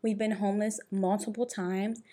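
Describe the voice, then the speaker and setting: A woman's voice: mid-range voice, little pitch movement, normal speed, dark tone. Casual woman co-host, rambling, filler-heavy delivery. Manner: rambling, loose, full of fillers and restarts. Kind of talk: casual chat.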